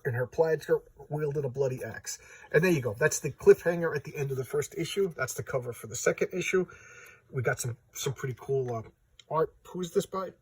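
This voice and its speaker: A man's voice: mid-range voice, moderate pace, breathy edge. A man casually retelling a comic's plot in a rambling, stammering way. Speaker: comic book reviewer.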